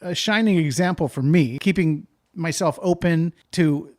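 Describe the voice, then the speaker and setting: A male podcast host speaks with warm appreciation in casual chat. His voice is slightly high for a man, and the sound is dry and close. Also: normal speed, no echo. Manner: warm, appreciative, brief affirmations.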